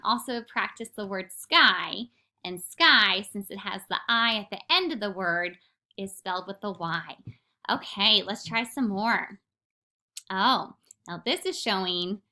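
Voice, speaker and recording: A woman teacher giving a recorded phonics lesson to young children, patiently sounding words out slowly and clearly. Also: medium pitch, bright, forceful tone.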